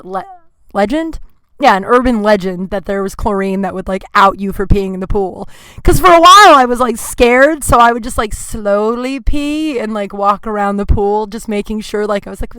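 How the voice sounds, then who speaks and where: A woman's voice: medium pitch, a bit bright, clear, resonant tone, no echo. A woman hosting a podcast, telling a story in a casual, grumpy monologue full of "like" fillers. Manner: chatty, heavy use of "like" fillers; grumpy, complaining tone. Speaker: podcast host.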